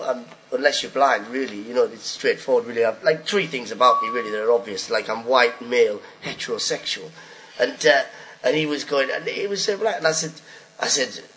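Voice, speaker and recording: A middle-aged comedian spins a long story from the stage, jumping into voices for the people in it. His tone is bright and forceful at an ordinary pitch. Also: low-quality recording. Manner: animated, acts out voices of hecklers and friends. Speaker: stand-up comedian. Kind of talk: storytelling comic monologue.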